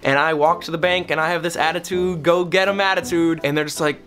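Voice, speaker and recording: A young man telling a story to the camera in a vlog, animated and expressive, slipping into French to mimic clerks. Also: a little high, fast, faint music behind. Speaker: travel vlogger.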